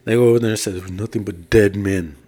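A husky, dark, lowish voice belongs to this fast-talking podcast co-host, whose tone stays steady. Chatting casually, he tells a drawn-out story and relays others' words in his own voice.

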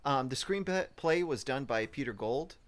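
A man co-hosting a casual movie review podcast, hesitant with many pauses and fillers. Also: medium pitch, lively intonation. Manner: hesitant, many ums, looks things up. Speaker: podcast co-host. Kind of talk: casual film review chat.

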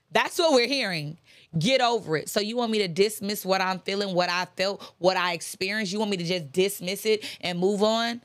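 A woman's voice: lowish voice, fairly bright tone, dry recording. Woman giving a preacherly, repetitive pep talk. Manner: repetitive, preacherly, conversational with slang. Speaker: motivational speaker. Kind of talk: impassioned motivational talk.

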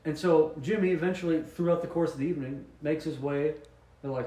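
A man co-hosting a podcast, rambling through absurd mock explanations in a deadpan way and laughing at his own jokes. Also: fairly high pitch, brisk, reverberant, low-quality recording. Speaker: podcast co-host. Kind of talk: joking casual chat.

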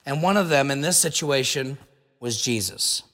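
A man's voice: medium pitch, expressive, moderate pace, a bit bright, big-room sound. A pastor preaching a sermon in an earnest, conversational way, asking his listeners rhetorical questions.

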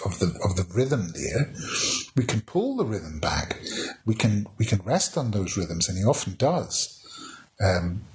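A man's voice: lowish voice, darkish tone. A man teaching a casual poetry lesson, chatty and wry, with many restarts as he reads verse aloud. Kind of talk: informal spoken lesson on poetry.

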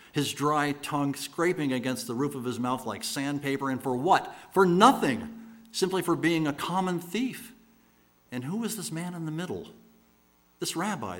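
A male preacher with a mid-pitched voice tells stories as a sermon. He builds with rhetorical repetition and swings between loud bursts and hushed, slowed lines. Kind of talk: dramatic sermon storytelling.

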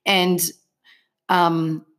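A woman's voice: fairly low pitch, flat delivery, drawn-out words, fairly bright tone. A middle-aged woman giving an earnest personal faith testimony as an interview guest, telling her story vividly in the present tense.

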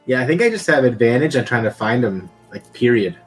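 A man's voice: medium pitch, expressive, a little fast, soft background music. A man playing in a tabletop game, talking in a breezy, matter-of-fact way. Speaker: player. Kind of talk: casual tabletop chat.

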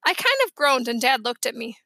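Bright, high-voiced woman reading aloud. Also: brisk, vocal fry, dry recording. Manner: lively, expressive reading. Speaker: audiobook reader. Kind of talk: children's audiobook narration.

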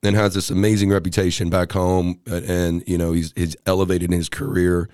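Animated storytelling young man. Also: low voice, brisk, clear, resonant tone, dry recording, studio quality. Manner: animated, acts out voices in anecdotes. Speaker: guest telling stories. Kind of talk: casual storytelling.

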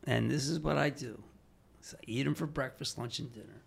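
An older man telling animated stories as a podcast guest, excitable, bursting into fast runs and acting out other people's lines. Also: medium pitch, gravelly, breathy edge. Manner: excitable, fast bursts, acts out quoted voices. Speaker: guest, TV financial personality. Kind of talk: animated storytelling in a podcast interview.

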